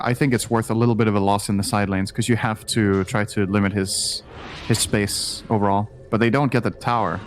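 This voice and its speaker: A man's voice: lowish voice, a little hiss or hum. A man giving esports color commentary, explaining strategy in a dry, sarcastic way. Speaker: esports analyst.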